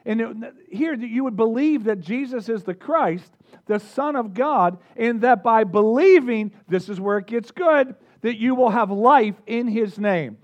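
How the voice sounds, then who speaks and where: High-voiced energetic man preaching. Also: measured pace, lo-fi sound. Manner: energetic, engages the audience with questions. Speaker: pastor. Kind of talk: sermon.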